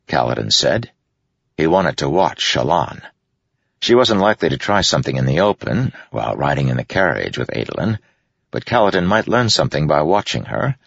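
A male narrator with an extremely deep, gravelly voice reads steadily. His delivery is husky yet lively in pitch. The sound is dry and dull, like lo-fi audio. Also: normal speed, dry recording. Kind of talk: scripted narration.

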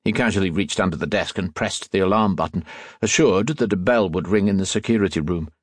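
A man narrating an audiobook in a measured, steady storytelling manner, close to the mic. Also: low voice, dry recording. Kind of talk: scripted narration.

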